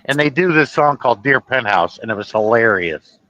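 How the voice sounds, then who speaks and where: Bright-voiced chatty man hosting a stream. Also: medium pitch, expressive, fairly quick, dull audio. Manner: chatty, laughs often, tells anecdotes. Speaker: host. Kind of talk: casual live-stream chat.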